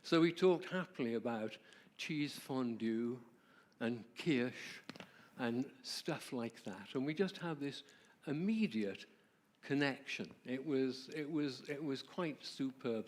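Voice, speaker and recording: A man presenting at a church, telling a personal story in a warm, conversational way and asking the audience questions. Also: mid-range voice, lively intonation, measured pace. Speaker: marriage ministry presenter.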